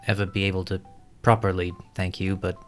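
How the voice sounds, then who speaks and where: Low-voiced man, easygoing tabletop player. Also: level tone, fairly quick, soft background music. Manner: easygoing, tentative suggestions. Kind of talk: in-character tabletop play.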